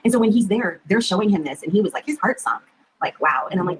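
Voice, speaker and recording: A woman with a husky voice racing through a candid personal story. She talks very fast. She rambles dramatically and swears freely along the way. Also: medium pitch, lively intonation, rough recording. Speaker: podcast guest telling her story.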